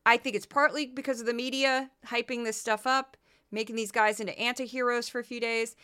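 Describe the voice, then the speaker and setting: A woman's voice: fairly high pitch, fairly even intonation, a little fast, sharp tone, clear, resonant tone. A woman from the American Midwest hosting a commentary podcast, talking in a sarcastic, mocking way. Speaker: podcast host.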